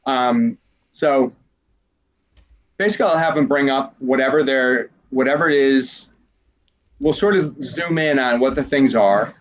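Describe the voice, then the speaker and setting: A man, a transformational coach, talking casually in an interview, rambling and animated as he acts out little quoted exchanges. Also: medium pitch, measured pace, long pauses, muffled recording.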